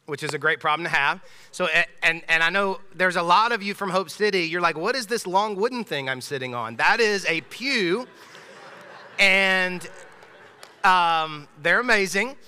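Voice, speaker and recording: A man's voice: high-pitched, normal speed, sharp tone, clear, resonant tone. A man in his thirties, a pastor giving a casual, emphatic sermon in a church sanctuary, often restarting his phrases. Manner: conversational, emphatic, with frequent restarts. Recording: long church hall reverb.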